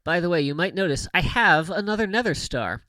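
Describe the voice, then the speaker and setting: A man's voice: high voice, lively intonation, a little fast, sharp tone, dry recording. A man from the United States hosting a gaming livestream, rambling, chuckling often and muttering to himself as he plays. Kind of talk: casual gameplay commentary.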